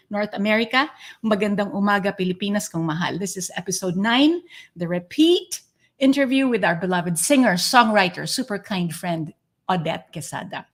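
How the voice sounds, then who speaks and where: A woman hosting an interview podcast, speaking in an earnest, effusive and reflective way. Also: medium pitch. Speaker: podcast host.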